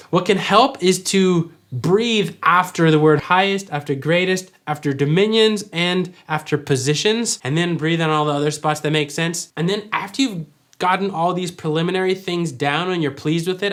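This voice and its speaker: A man teaching worship vocals, explaining clearly and singing short examples. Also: a little high, a bit bright. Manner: clear, instructive, demonstrates by singing. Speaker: vocal coach. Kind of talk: vocal tutorial with sung examples.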